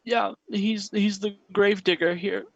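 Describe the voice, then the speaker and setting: A man's voice: steady tone, a little slow, creaky, no room sound, muffled recording, heavily acted. A man voicing a frightened eight-year-old boy who stammers and sobs in panic. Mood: panicked sobbing. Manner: stammering, high and breaking, panicky. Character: frightened young boy, about eight, nervous and tearful.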